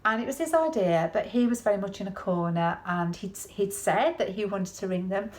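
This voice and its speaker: A woman's voice: mid-range voice, fairly quick, darkish tone. Chatty woman preaching. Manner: chatty, folksy, with tag questions to the listener. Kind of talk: conversational sermon.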